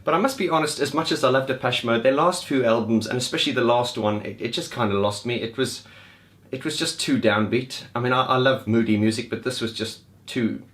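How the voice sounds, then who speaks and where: A man's voice: medium pitch, a little fast, a bit bright. A man giving a casual, enthusiastic spoken review of concerts, rambling and restarting as he goes. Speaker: music vlogger reviewing gigs.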